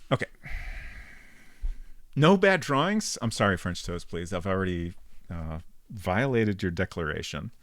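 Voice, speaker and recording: A man giving casual live-stream commentary while playing a game, chatting with viewers and thinking out loud. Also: deep voice, moderate pace, no room sound, studio quality.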